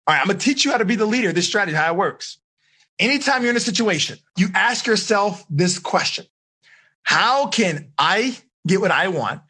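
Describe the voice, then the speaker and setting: A man with a high, bright voice and a slightly husky edge coaches a room of teenagers. He talks with lots of energy, pushing them for high fives and answers, and acts out short scenes to make his points. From United States. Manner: animated, coaxing the audience, acts out quoted voices. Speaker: life coach teaching a teen seminar. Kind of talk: energetic live seminar talk.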